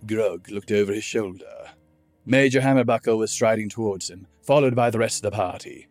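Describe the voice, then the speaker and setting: A man reading fantasy fiction aloud as narrator, in measured, steady storytelling. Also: on the low side, dry recording, soft background music. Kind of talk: scripted narration.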